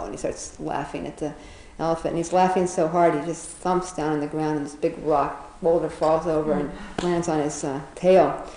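A woman's voice: low-pitched, fairly even intonation, normal speed, dark tone, reverberant, a little hiss or hum, low-quality recording. A woman casually retelling a children's fable, chatty, often laughing, with many fillers and restarts. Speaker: storyteller.

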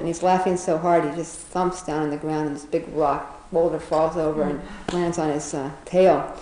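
A woman's voice: low-pitched, steady tone, brisk, few pauses, dark tone, a little hiss or hum. A woman casually retelling an animal fable, rambling with fillers and chuckling as she goes. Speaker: storyteller. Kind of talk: casual storytelling. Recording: roomy echo.

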